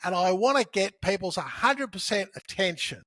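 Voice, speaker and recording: A sales author appears as a podcast guest, explaining his approach in lively, conversational teaching at a normal speed. His voice is high-pitched, and as an animated storyteller he often acts out short bits of dialogue, captured in a close, dry recording with no room echo.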